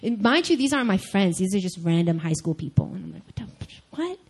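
A young adult woman giving a sermon-style personal testimony, candid and animated, speaking straight to her listeners. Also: mid-range voice, fast, husky, rough recording.

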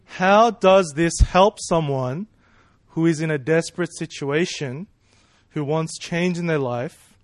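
Guy giving a sermon, kinda high voice, chatty, keeps saying "right?", dry close sound. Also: slow, dry recording. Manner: conversational, rhetorical questions, frequent "right?" and "you know". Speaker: preacher.

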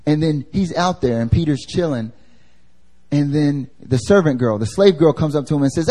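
Brief: male preacher, somewhat high voice with a mellow tone, conversational sermon, quizzes the listeners. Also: lively intonation, moderate pace. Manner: casual and slangy, asks the congregation questions. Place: church service.

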